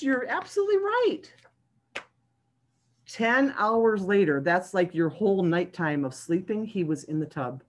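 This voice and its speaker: A woman hosts a children's story time over a video call. Her voice swoops up and down as she questions the little ones. She speaks slowly and clearly, as if reading aloud to a group of toddlers. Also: mid-range voice. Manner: animated, talking to young children.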